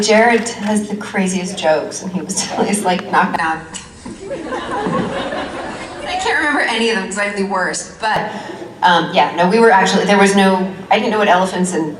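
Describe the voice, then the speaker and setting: A woman, a guest actress on a convention panel, telling stories in a rambling, chatty way with frequent laughs and fillers. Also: medium pitch. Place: large convention hall. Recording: echoey hall, mic at a distance.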